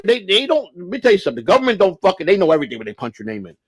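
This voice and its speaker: A man's voice: high voice, huge pitch swings, racing, hardly any pauses, no room sound. A man hosting a casual livestream, rambling and blunt, swearing freely and restarting his sentences. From United States. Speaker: livestream host.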